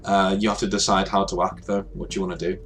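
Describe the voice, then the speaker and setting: Low-voiced game master narrating. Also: male voice, fast, husky. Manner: relaxed, hesitant with many fillers.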